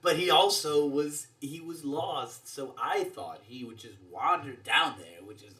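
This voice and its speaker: A man's voice: mid-range voice, very animated, measured pace, pushed and bright. A man playing a tabletop game who tells a story in character in a rambling, hesitant way. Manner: rambling and hesitant, full of restarts. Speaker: player.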